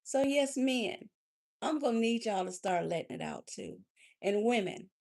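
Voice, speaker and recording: A woman life coach hosts a live talk in a warm, preacherly way, calling her listeners honey and baby. Her fairly low voice swings between loud and soft.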